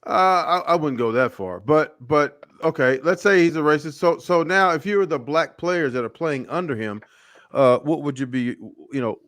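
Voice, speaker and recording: A man's voice: a little high, moderate pace, a bit bright, dry recording, clean studio sound. A man hosting a casual talk show, hesitant and full of stammered restarts as he asks guests questions. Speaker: show host. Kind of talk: casual live show chat.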